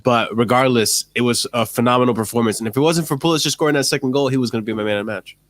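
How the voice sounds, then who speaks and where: Man, casual football chat, bright tense voice, laughs a lot, swears freely. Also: mid-range voice, rapid-fire, no room sound. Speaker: podcast co-host.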